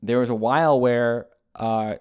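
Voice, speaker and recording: A man's voice: mid-range voice, steady tone, a little slow, a little mellow, clean tone, lo-fi sound. A man casually retelling a movie plot as a reviewer, rambling and hesitant with many fillers and restarts. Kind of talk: casual spoken movie recap.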